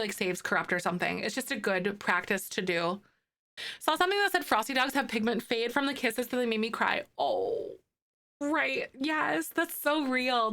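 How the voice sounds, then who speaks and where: A young woman, chatting casually on a live stream and reading viewer comments, gushing and cooing over pet photos. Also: a little high. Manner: gushing, excitable, coos over pets.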